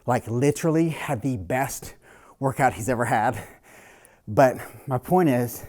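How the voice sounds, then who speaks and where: Male personal trainer, casual and blunt, mid-pitched voice, talks through his sets with a salty edge. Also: unhurried, darkish tone. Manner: blunt, casual, swears freely. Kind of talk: casual workout coaching talk.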